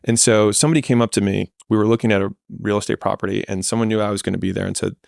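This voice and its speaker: A man's voice: lowish voice, steady tone, very fast, vocal fry, a little mellow, no echo, studio quality. A man in a candid podcast conversation, talking in a blunt, plainspoken and reflective way.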